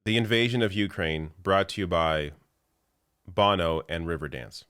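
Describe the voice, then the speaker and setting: A man's voice: low voice, moderate pace, fairly bright tone, clean tone, dry recording, studio quality. A man hosting a political commentary show, talking in an exasperated, sarcastic way about the news. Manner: exasperated, sarcastic, laughing now and then.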